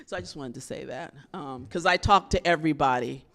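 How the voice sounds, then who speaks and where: A woman's voice: low-pitched, brisk. A woman poet, telling a story to a live audience in a university theater and acting out the voices she quotes. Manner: animated, acts out quoted voices. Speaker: visiting poet.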